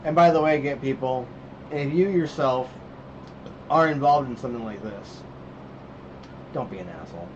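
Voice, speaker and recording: A man's voice: mid-range voice, normal speed, pauses often. A man co-hosting a casual podcast, rambling through stories about his kids and acting out their lines. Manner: rambling storyteller, acts out his kids' lines. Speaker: podcast co-host. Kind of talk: casual chat. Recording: dull lo-fi sound with faint noise.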